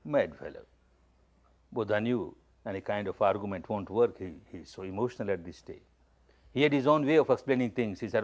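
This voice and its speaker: A man's voice: lowish voice, expressive, brisk, dull audio. A man from India, giving a spoken discourse as a spiritual teacher. He makes his points plainly and emphatically, and repeats key phrases as he tells stories.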